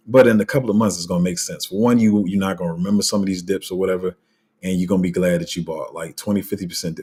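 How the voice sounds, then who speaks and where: A man with a deep, husky voice talks casually to his viewers. His delivery is loose and rambling, with many fillers and restarts, and his phrasing is blunt and street-casual. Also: a little mellow. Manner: rambling, loses his place, heavy fillers. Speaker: crypto channel host. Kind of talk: casual unscripted commentary.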